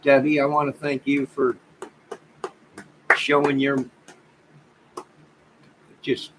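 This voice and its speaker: A man's voice: medium pitch, completely flat delivery, takes it slowly, long pauses. Rambling man signing off a noisy stream. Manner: rambling, joking, exclamatory. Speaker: livestream host. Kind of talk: casual livestream sign-off chat.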